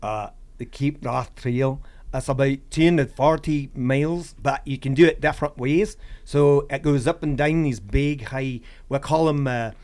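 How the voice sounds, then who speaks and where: A man's voice: medium pitch, a little mellow, natural voice. A man faking a Scottish-accented trail guide. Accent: Scottish, imitated. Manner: halting, with "uh" fillers. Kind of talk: casual podcast chat.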